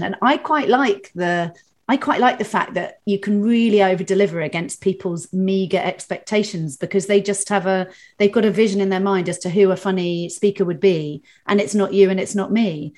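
A woman's voice: mid-range voice, normal speed, a little mellow. A woman from Britain chats casually about her work as a comedian and speaker. She talks in a loose, conversational way, with plenty of fillers and false starts. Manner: chatty, frequent fillers and restarts.

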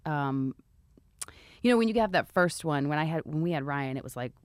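A woman's voice: low voice, expressive, brisk, clean tone, dry recording. A woman in her thirties talking frankly as a podcast guest, blunt and swearing casually. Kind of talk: casual chat. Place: podcast studio. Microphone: studio microphone.

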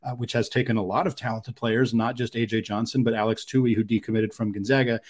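A man's voice: fairly low pitch, level tone, fast. A man co-hosting a casual sports podcast, thinking aloud in a musing way with a lot of likes and restarts. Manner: thoughtful, musing, many fillers. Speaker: podcast co-host.

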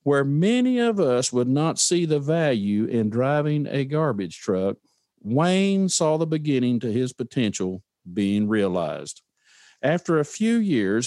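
Lively earnest man, motivational podcast host. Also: mid-range voice, no room sound, clean studio sound. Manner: earnest, storytelling, asks listeners questions. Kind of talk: motivational talk.

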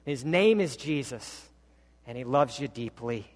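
A man's voice: expressive, a little slow, big-room sound. A man preaching a sermon, telling stories dramatically and praying with the congregation. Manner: dramatic storytelling, voice climbing high for a children's book reading. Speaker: pastor. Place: church sanctuary.

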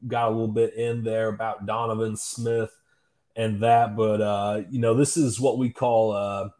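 A man's voice: lowish voice, little pitch movement, a little slow, a little mellow. A man co-hosting a sports podcast, laid-back and a little hesitant, chuckling between thoughts. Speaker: sports writer and podcast co-host. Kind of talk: casual sports podcast chat.

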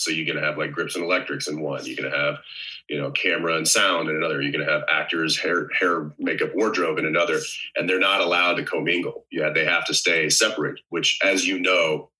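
A man with a bass voice and a sharp tone appears as an actor being interviewed, explaining things in long, rambling stretches with wry humor. The casual chat is captured on poor audio.

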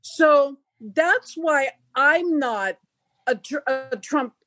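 A woman's voice: sits high, lively intonation, drawn-out words, a bit bright, no echo. A woman in a casual video-call chat, speaking in an earnest, emphatic way.

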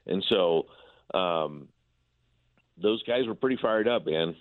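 A man's voice: low voice, lively intonation, slow, no echo. A man, a baseball broadcaster, talking casually about his team, often stumbling and repeating words as he restarts his sentences. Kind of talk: casual sports talk by phone. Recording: tinny phone line.

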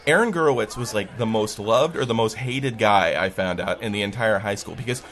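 A man's voice: fairly low pitch, normal speed, fairly bright tone, a little hiss or hum. A man telling a story in a casual podcast chat, in a snarky, wry way, laughing often.

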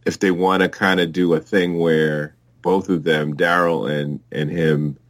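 A man's voice: low voice, level tone, a little slow, dry recording. A man in a casual podcast chat, chiming in eagerly with his own theories. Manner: eager agreeing interjections. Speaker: podcast co-host. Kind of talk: casual banter.

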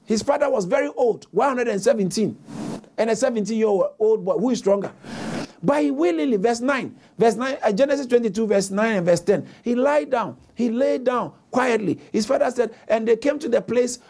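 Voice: medium pitch, a little mellow, a little hiss or hum. A preacher delivering a sermon, reading scripture aloud, repeating key phrases for emphasis and calling on the congregation to answer. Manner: reads scripture aloud with frequent self-corrections.

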